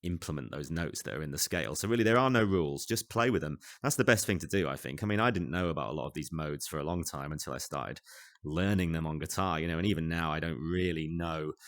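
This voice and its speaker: A man's voice: very deep voice, fast. A man hosts a casual tutorial for a VR music app at home. He talks into a desk microphone in a chatty, rambling, self-deprecating way, with many asides.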